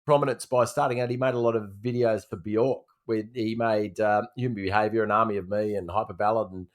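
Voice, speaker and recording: A fairly low-voiced man hosts a podcast segment. He rambles easily, with plenty of pauses and fillers. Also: fairly even intonation. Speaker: podcast co-host presenting a segment.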